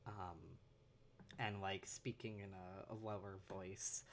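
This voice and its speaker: A woman's voice: rumbling low, level tone, slow, slight background noise. A woman narrating her character at a tabletop game, hesitant and full of fillers. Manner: hesitant, full of ums and likes. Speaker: tabletop player.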